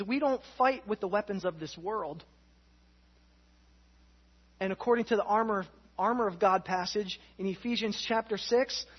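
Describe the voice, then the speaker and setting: A woman preacher giving an earnest teaching sermon, swinging from emphatic to hushed, on a dull lo-fi recording. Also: mid-range voice, breathy edge.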